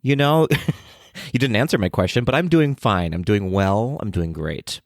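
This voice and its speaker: A man's voice: on the low side, normal speed, dry recording, studio quality. A man co-hosting a podcast in casual, playful banter, often laughing. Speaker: podcast co-host.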